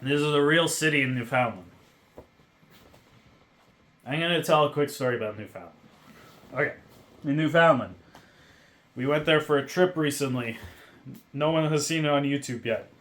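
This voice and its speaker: A man hosting a podcast, telling a casual story in a profane, ranting way that swings between mumbled asides and loud outbursts. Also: on the high side, moderate pace, long pauses. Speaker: podcast host.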